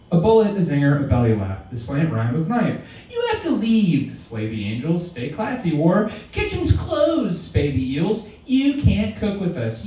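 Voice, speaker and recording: A man's voice: fairly high pitch, distant mic. Guy reading poems at a venue, super echoey room, mic way back from him. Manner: theatrical, swinging from shouts to murmurs. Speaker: poet. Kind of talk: live poetry reading.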